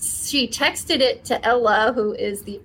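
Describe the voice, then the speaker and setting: A woman with a fairly high voice talks as a guest on a podcast, explaining forensic work in an easy, chatty way. She drops in plenty of "like" fillers, with a faint hiss of noise behind her. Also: measured pace, a bit bright, rough recording. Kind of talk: casual podcast chat.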